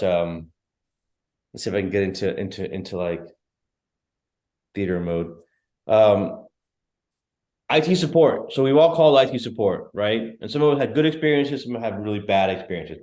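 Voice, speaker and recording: A man rehearsing a standup bit on a video call, telling it haltingly with fillers. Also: lowish voice, darkish tone. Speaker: workshop participant practicing a joke. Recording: roomy echo.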